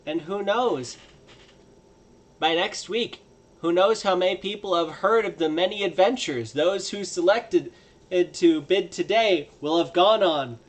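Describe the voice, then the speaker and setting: A man playing a tabletop game, at times pitching goods like a salesman in character. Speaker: player.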